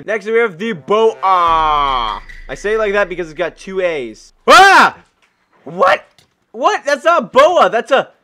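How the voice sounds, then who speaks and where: High, lively man shrieking at game mobs. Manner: exclaims and shrieks in surprise. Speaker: gaming YouTuber. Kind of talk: excited gameplay commentary.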